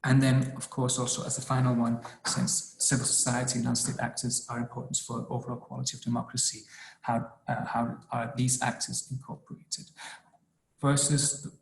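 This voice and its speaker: A man presents a policy analysis on a webinar call, pausing often and restarting his sentences. His pitch stays flat and even the whole time, and the sound carries a roomy echo. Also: creaky. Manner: hesitant, many ums and restarts. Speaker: policy researcher presenting a brief. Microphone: video call.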